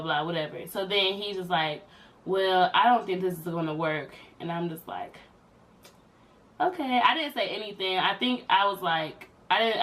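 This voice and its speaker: A woman's voice: distant mic, rough recording. Chatty young woman telling a story. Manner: chatty, animated storytelling with high-pitched quoted voices. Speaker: vlogger. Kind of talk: casual storytime vlog.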